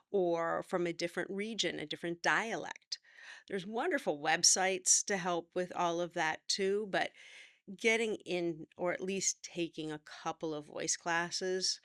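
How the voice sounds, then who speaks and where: Woman acting coach talking to camera, lowish bright voice, dry close sound. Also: steady tone, measured pace, no room sound. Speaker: acting teacher.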